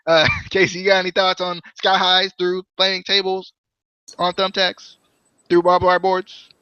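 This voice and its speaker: A man hosting a podcast, chatting casually and jokily about a wrestling show in a rambling, animated way. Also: high voice, measured pace, smooth, dry recording, dull audio. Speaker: podcast host. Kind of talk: casual wrestling review chat.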